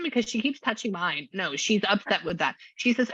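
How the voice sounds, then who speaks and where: A woman psychic giving a casual reading, chatty and quick to act out what people say in lively voices. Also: mid-range voice, slightly rough, no room sound. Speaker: psychic medium and astrology reader. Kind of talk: casual one-on-one reading session. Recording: dull lo-fi sound.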